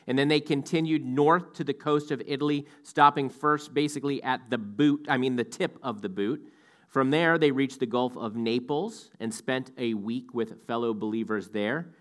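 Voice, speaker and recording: A man teaches the Bible verse by verse in a relaxed, conversational way. His voice sits at an ordinary middle pitch. He now and then pauses to correct himself with small asides.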